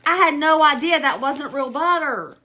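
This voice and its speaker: A woman's voice: sits high, normal speed, bright, forceful tone, slight background noise. A middle-aged woman with a Southern US accent, chatting nostalgically through a casual home cooking vlog and laughing often. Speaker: cooking vlogger.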